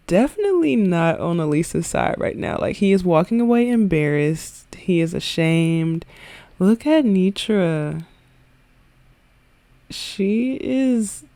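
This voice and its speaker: A woman's voice: fairly low pitch, warm tone, no room sound. A woman giving casual let's-play commentary on a life-sim game, chatty, slangy and giggly. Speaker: gaming video creator.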